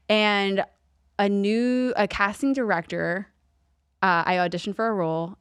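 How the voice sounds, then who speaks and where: A woman in her thirties with a light Long Island accent talks through a casual podcast chat, peppering her speech with "like." Her voice is smooth and clear, and the sound is dry and close. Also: lowish voice, fairly bright tone, no room sound. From Long Island, New York. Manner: chatty, many "like" fillers, quick laughs. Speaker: podcast guest, TV lifestyle host.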